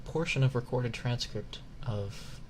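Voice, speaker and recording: A man's voice: mid-range voice, a little slow. A man streaming live, chatting casually with viewers, laughing often and swearing. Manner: giggly, swears, loses composure. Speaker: ASMR streamer. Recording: background noise hiss.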